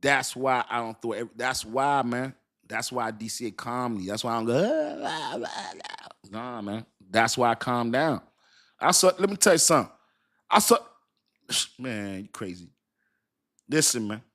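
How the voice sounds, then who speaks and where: An excitable man in his fifties rambles through a casual live stream. He speaks, piles on slang and repeats himself, and often breaks into laughter. His pitch sits in the middle of the male range. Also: normal speed, long pauses. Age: 50s. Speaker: crypto livestream host.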